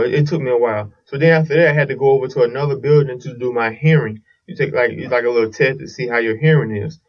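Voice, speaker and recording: A man's voice: medium pitch, recorded from a distance, dull audio. A man hosting a casual solo podcast, telling a long story in a rambling way with restarts and swearing. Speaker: podcast host.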